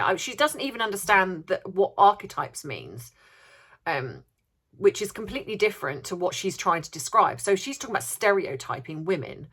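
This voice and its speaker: A woman's voice: on the low side, a bit bright, breathy edge. A woman vlogger giving opinionated commentary, indignant and sarcastic, firing off rhetorical questions and repeating words for emphasis.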